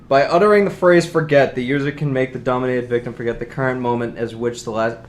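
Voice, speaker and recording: A man's voice: mid-range voice, steady tone, fast, slight background noise. A man playing a tabletop role-playing game, chatting casually, laughing and reading rules aloud. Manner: giggly, reads rules aloud. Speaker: player.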